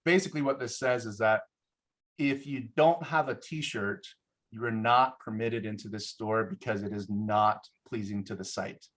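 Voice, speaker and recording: A man's voice: on the low side, moderate pace, fairly bright tone. Brief: man, casual course presenter, chuckling, filler-heavy storytelling. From Samoa.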